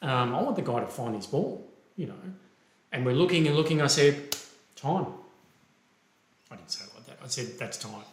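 An Australian man telling a golf story in a loose, animated way, slipping into the voices of the people he quotes. His voice sits at an ordinary middle pitch. The room around him rings with a clear echo. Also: quick pace. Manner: animated, acts out quoted dialogue. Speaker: golf referee and podcast co-host. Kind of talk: casual storytelling.

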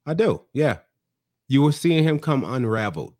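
A man's voice: medium pitch, big pitch swings, normal speed, darkish tone. A man co-hosting a casual podcast, recapping a reality show and acting out other people's lines in shifting voices. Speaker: podcast co-host.

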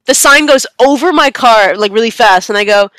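A young woman on a casual podcast, telling a long story in an animated, rambling way with bursts of laughter. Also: fairly high pitch, moderate pace, no room sound. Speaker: podcast co-host.

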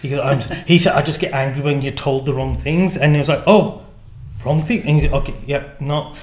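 A man, a gin distillery founder, telling a lively story in conversation and acting out the dialogue. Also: quick pace, slight background noise. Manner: acts out quoted dialogue with changing pitch. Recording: echoey room.

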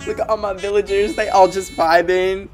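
A man livestreaming a game in casual chat, excitable and emotional, gushing over what he sees, at his desk at home. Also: sits high, normal speed. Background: faint game music.

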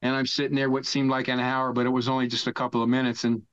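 A man's voice: medium pitch, little pitch movement, fast, fairly bright tone, clean tone, no room sound. Older man telling a profane story. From United States. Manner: profane, rambling storyteller who laughs mid-story. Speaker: podcast guest. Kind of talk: casual storytelling. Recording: dull lo-fi dry sound.

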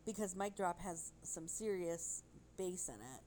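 A woman telling a rambling, animated story in casual chat. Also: on the low side, measured pace, rough recording.

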